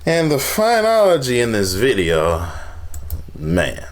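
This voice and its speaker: A man hosting a casual music reaction, animated, laughing and humming beats between his comments. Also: mid-range voice, takes it slowly. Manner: animated, laughs often, hums beats and sings along. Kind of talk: casual music review chat.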